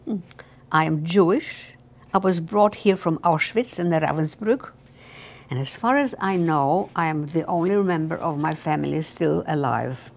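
A frightened teenage girl who answers quietly and stiffly, read by an elderly woman. Her voice is low and restrained. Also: unhurried, gravelly, exaggerated voice. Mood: guarded.

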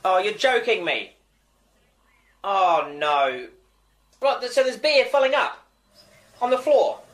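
A flustered Kiwi band manager. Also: male voice, high voice, very animated, takes it slowly, a bit bright, heavily acted, low-quality recording. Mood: distracted. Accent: New Zealand. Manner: rambling, apologetic, easily flustered. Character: flustered male manager fielding phone calls. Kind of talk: radio sitcom acting.

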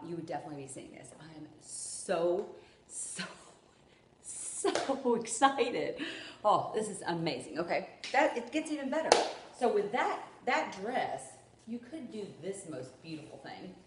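A woman vlogging an unboxing at home, gushing and rambling with excitement. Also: medium pitch, slight background noise. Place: room at home. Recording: echoey room with faint ambience.

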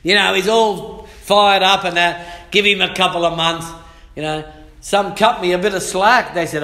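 Fiery pastor in an echoey church. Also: male voice, fairly high pitch, fairly even intonation, moderate pace. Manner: fiery, shouting and humming out rhythms. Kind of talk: sermon. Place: church hall.

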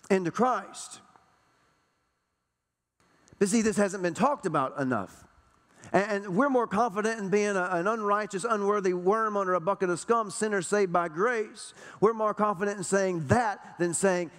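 A man's voice: high voice, fairly bright tone, big-room sound. A man preaching a sermon to a church congregation, emphatic, hammering home repeated rhetorical questions. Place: church sanctuary.

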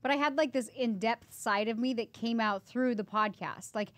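Her fairly high, fairly bright voice moves at normal speed with no echo. She's a podcast co-host in her thirties, chatting casually and emotionally about her own life with plenty of fillers.

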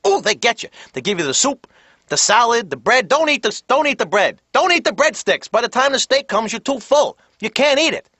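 Man doing high, whiny New dad, suspicious and exasperated. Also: sing-song, fairly quick, sharp tone, slightly rough, dry recording, full character voice. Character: suspicious grumbling middle-aged New York father. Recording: slightly dull lo-fi TV audio.

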